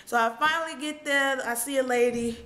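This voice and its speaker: A young woman tells a story straight to camera in an easygoing vlog. She is tearful, with laughs breaking through the crying, and her voice sits a little high. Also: brisk, heavy background noise. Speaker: vlogger.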